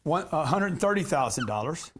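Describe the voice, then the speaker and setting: A man's voice: on the high side, sing-song, fairly quick, fairly bright tone, slight background noise. A man giving a live real estate seminar to an audience, brash and slangy, cracking jokes as he teaches.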